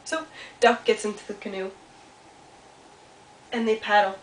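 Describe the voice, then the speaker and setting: A woman telling a children's story with puppets, animated and asking the kids questions. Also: medium pitch, unhurried. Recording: roomy sound from a distance, faint hiss.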